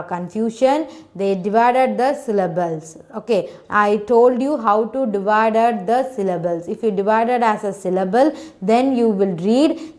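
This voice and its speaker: A woman's voice: mid-range voice, darkish tone. A woman teacher giving a phonics lesson to children, patiently sounding out words syllable by syllable in non-native English phrasing.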